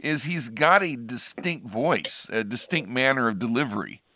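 A man's voice: medium pitch, animated, normal speed, bright, forceful tone, a little hiss or hum. A man hosting a radio program as a pastor, chatting casually and rambling with frequent restarts. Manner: rambling, restarts sentences often. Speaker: radio show host, pastor.

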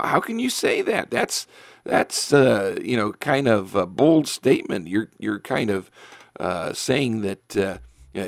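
A man preaches on his radio show with a low, gravelly voice. He speaks earnestly and emphatically, and he often pauses on ums and restarts. The studio sound is dry and close. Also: no echo. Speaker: pastor and radio show host.

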